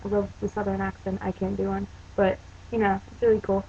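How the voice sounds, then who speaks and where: A teenage girl from Pennsylvania rambles through her story with lots of "um" and "like", casual and unpolished. Her voice sits at an ordinary middle pitch for a girl. The video sound is dull and lo-fi, with a faint hiss underneath. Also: completely flat delivery, a little fast, mellow. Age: teens. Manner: chatty and rambling, full of "um" and "like". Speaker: vlogger.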